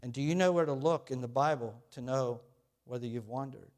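A middle-aged man who is a pastor, earnestly preaching a sermon to his congregation. He swings up loud on scripture quotes and drops low and quiet on his questions. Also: fairly quick.

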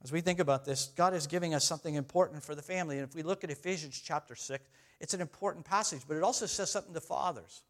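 A middle-aged pastor preaching with a fairly high voice. He talks to the congregation in a loose, conversational way, pokes fun at himself and laughs often. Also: quick pace, fairly bright tone. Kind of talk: sermon.

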